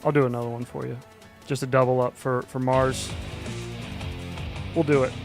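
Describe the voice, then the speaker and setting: A man's voice: medium pitch, moderate pace, pauses often, over music. A man hosting a casual livestream, chatting loosely and swearing casually between reactions. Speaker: livestream host.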